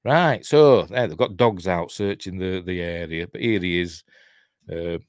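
A middle-aged man with a broad Yorkshire accent rambles through a film he is watching, stopping often for ums and small chuckles. His voice sits a little low. The sound is dry and close. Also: unhurried, clean tone, no room sound. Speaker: channel host, film commentator. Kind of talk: casual movie watch-along commentary.

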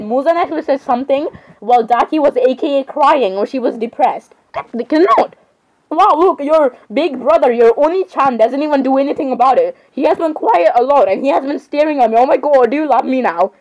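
A woman's voice: sits high, darkish tone, dull audio. A thirteen-year-old girl chatting while gaming, rambling and dramatic. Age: teens. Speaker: gamer. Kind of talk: casual gameplay chatter.

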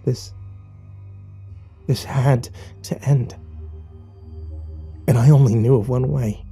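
A man reads a first-person horror story with dramatic, scripted delivery. His voice is dark and mellow, sitting in a middle pitch. Faint music plays underneath. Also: fairly even intonation, unhurried, long pauses, breathy edge.

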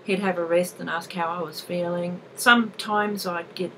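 A woman in her thirties telling a personal story to camera in a casual, expressive way, laughing often. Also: lowish voice, moderate pace, slight background noise, low-quality recording. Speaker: vlogger sharing a personal experience.

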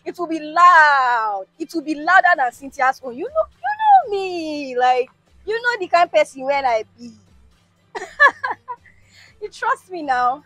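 A woman's voice: very high voice, wildly swooping pitch, unhurried, no room sound, heavily acted. A woman acting a dramatic, defensive mistress in a comedy skit. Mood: boastful chatty.

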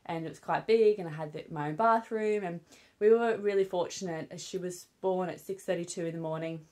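Young woman, British accent, vlogger, casual candid chat, slightly low voice, filler-heavy. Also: a little fast, warm tone. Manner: chatty and candid, with fillers like "um" and "obviously". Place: at home with her newborn.

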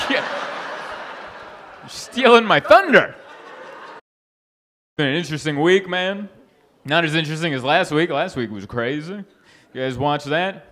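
A young adult man doing a stand-up comedy set, telling stories in an animated way, voicing the people he quotes with big jumps in pitch and laughing at his own jokes. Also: slight background noise.

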